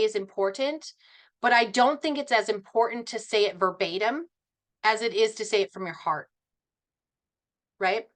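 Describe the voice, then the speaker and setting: Woman, middle-aged, animated, passionate, bright tense voice, fairly high. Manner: animated, passionate, laughs often. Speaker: network marketing team member. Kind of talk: team meeting talk.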